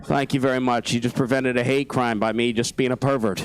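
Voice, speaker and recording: A man's voice: mid-range voice, fairly even intonation, brisk, poor audio. A man doing a stand-up set on a small theatre stage, ranting angrily, swearing a lot and laughing at his own jokes. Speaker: stand-up comedian.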